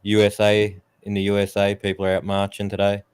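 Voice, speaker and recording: A man with a lowish voice, talking in a rough, profane rant during a casual live-stream chat. The sound is dry and close, with no room in it. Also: monotone, fairly quick, darkish tone, no echo. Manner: blunt and heavily profane, ranting; mocks others in raised put-on voices.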